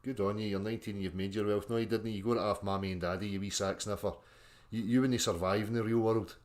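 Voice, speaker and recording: A man's voice: fairly low pitch, fairly even intonation, fast talker, darkish tone. Sweary Scottish man ranting on a livestream. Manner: sweary, mocking, combative. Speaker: livestream host reading chat.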